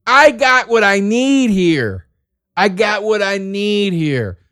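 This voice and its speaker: A man doing a profane, sarcastic stand-up routine, ranting and jumping from loud high outbursts to low mutters. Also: lively intonation, slow pace, no room sound, studio quality. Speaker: stand-up comedian.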